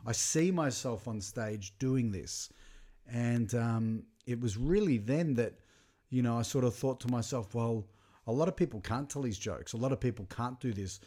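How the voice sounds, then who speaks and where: A man's voice: mid-range voice, warm tone. A man chatting casually and reflectively about a comedy clip, with some fillers and restarts. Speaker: commentator. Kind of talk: casual reaction commentary.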